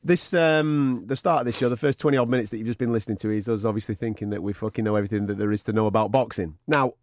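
A man, co-hosting a boxing podcast in quick, teasing, casual chat. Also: fairly low pitch, no room sound, clean studio sound. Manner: quick, lively, teasing banter.

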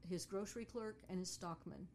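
A woman's voice: medium pitch, a little fast, a little hiss or hum. A woman telling a story casually, a tour guide who acts out the voices of the people in it. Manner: animated, acts out voices of people in her stories.

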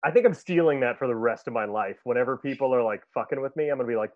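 A man's voice: mid-range voice, racing, dry recording, narrow, tinny audio. A man hosting a casual podcast chat, retelling movie scenes with frequent laughter and plenty of swearing. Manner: laughs often, swears freely, animated retelling. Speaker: podcast host.

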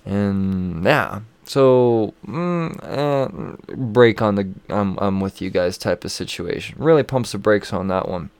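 A man's voice: lowish voice, slow, few pauses, darkish tone, clean tone, dry recording. A man chatting loosely about comics on his own show, full of swearing and loose asides. He is wired on coffee late at night. The recording is close and dry. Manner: rambling, profane, chuckling. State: over-caffeinated late at night. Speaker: comic book podcast host. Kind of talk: casual review chat.

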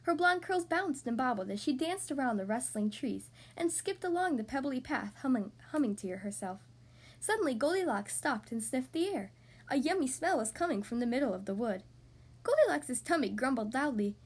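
A woman hosting a podcast, reading a storybook aloud to young children in an expressive, animated way. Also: sits high, normal speed, husky.

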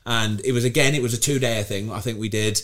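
A man, hosting a casual podcast and telling animated, slangy stories. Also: on the low side, quick pace. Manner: animated, slangy storyteller who laughs at his own tales. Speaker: podcast host, former footballer. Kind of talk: casual chat, anecdote telling.

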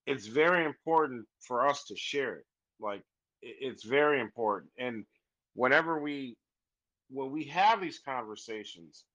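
A man hosting a group call, telling a story in an earnest, animated way, with frequent "I'm like" asides. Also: medium pitch, low-quality recording. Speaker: host.

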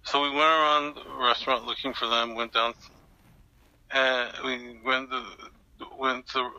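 A man's voice: mid-range voice, vocal fry, pushed and bright, no echo, low-quality recording. An older man being interviewed, telling a long story in a rambling way with many restarts and fillers. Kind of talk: recounting an anecdote in an interview.

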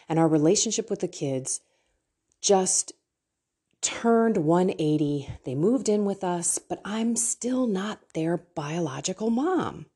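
A woman's voice: mid-range voice, dark tone, breathy edge. A middle-aged woman hosting a faith podcast, teaching her listeners in a candid, emotional way and laughing often.

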